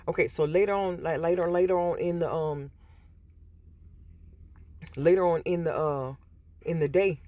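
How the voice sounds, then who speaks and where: In a store, a woman vlogger with a warm, lowish voice talks to her viewers at a moderate pace, her tone steady and broken by long pauses. She's chatty and repeats words, quoting voices as she tells stories, with no room sound on the recording.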